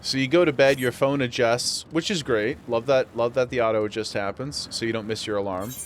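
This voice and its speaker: A man's voice: medium pitch, fairly even intonation, brisk, a little hiss or hum. A man streaming a game, chatting casually with viewers and laughing often. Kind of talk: casual live-stream chat while gaming.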